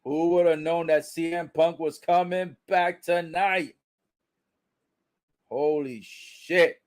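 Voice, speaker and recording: A man reacting live to a wrestling broadcast, calling the action with frequent swearing and excited exclamations. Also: fairly high pitch, slow pace.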